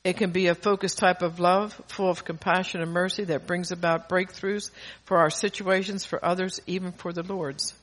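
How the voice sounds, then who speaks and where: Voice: medium pitch, little pitch movement, moderate pace, a bit bright. Earnest preacher reading scripture aloud. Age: adult parent. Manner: earnest, rises in force on key scripture lines; stumbles and restarts mid-phrase.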